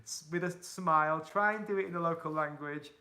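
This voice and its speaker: Young hull lad chatting on a livestream, gravelly edge, reads out viewer comments and cheers them on. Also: male voice, a little high, fairly quick, pushed and bright. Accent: Yorkshire, Hull. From England. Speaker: touring cyclist answering live chat. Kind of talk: casual livestream chat.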